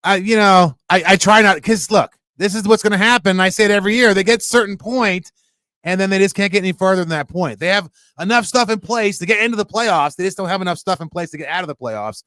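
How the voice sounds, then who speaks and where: A man co-hosting a sports radio show, talking in a casual, animated and self-mocking way, often laughing. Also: high-pitched, quick pace, dry recording.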